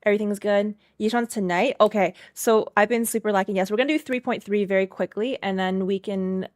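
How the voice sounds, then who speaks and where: A chatty woman streamer talks casually into a desk mic, rambling and greeting her viewers one by one. Her voice sits at an ordinary middle pitch. The sound is dry and close, with no room echo. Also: fairly even intonation, a little fast, darkish tone. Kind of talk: casual live-stream chat.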